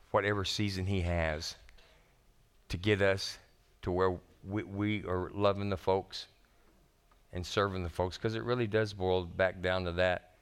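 A man preaching a sermon as pastor, animated and folksy, talking casually to his congregation. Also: fairly low pitch, smooth.

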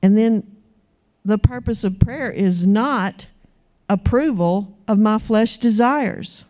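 A woman's voice: medium pitch, takes it slowly. A woman preaching a sermon, telling stories and acting out the voices of the people in them. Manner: animated, acts out voices in her stories. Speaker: preacher, pastor's wife. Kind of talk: sermon with storytelling. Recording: slightly dull lo-fi sound.

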